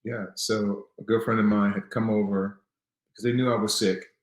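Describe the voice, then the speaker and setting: A man in his thirties with a fairly low voice tells his personal story earnestly, and he turns defiant when he recalls fighting back. He comes from Newark. The room around him rings with a noticeable echo. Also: level tone, moderate pace. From Newark, New Jersey. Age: 30s. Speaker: guest.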